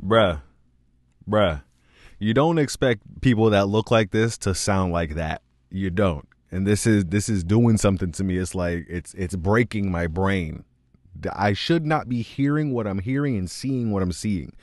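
A man hosting a music reaction video, talking in an excitable, slangy way with frequent laughs. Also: on the low side, normal speed, no room sound, studio quality. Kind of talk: casual reaction commentary.

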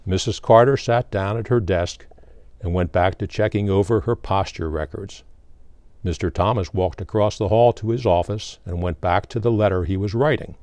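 Educator reading a picture book aloud; male, lowish pitch, steady storyteller delivery, dry close sound. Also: normal speed, no echo. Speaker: school curriculum director reading aloud.

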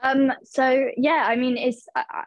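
A woman's voice: high-pitched, fairly even intonation, a little slow, no echo, muffled recording. A woman in her twenties, an actress answering interview questions casually, hesitant, with many fillers and restarts as she searches for words. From England. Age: 20s.

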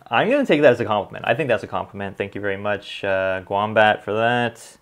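A man's voice: lowish voice, normal speed, clear, resonant tone. A man hosting a whiskey channel, chatting casually through viewer comments with plenty of ums and an easy, good-humored manner. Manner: relaxed, filler-heavy, good-humored. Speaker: whiskey reviewer and channel host. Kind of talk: casual vlog chat reading viewer comments.

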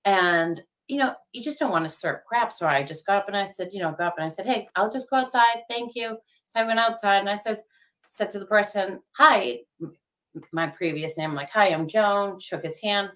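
A woman's voice: mid-range voice, moderate pace, fairly bright tone. A woman in her fifties, an interview guest, recounting a personal story in a chatty way with lots of fillers. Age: 50s. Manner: chatty, many fillers, quotes others.

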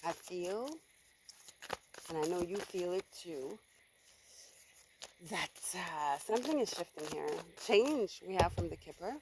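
A woman's voice: on the low side, animated, measured pace, long pauses, background noise. A woman giving a casual tarot reading for viewers, blunt and emphatic, swearing freely and repeating herself for stress. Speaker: tarot reader.

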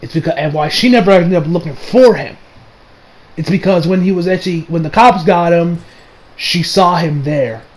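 A young man with a strikingly high voice gives a casual spoken movie review at a moderate pace, rambling loosely. He gets excited, swears freely, and slips into squeaky mock voices whenever he quotes someone.

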